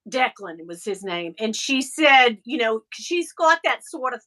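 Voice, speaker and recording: A high-pitched woman, chatting on her live stream like an old friend. Her voice is bright and forward, and she spins animated, chatty stories. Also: a little slow. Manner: chatty, animated storyteller with frequent laughs. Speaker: live stream host and former radio interviewer. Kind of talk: casual chat.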